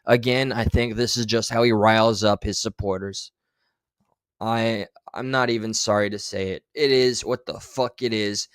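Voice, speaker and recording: A man's voice: fairly low pitch, steady tone, moderate pace, clear, resonant tone, no room sound. A man commenting on clips in a livestream, blunt and sarcastic, with a lot of swearing. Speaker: streamer commentator. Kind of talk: profane commentary over played clips.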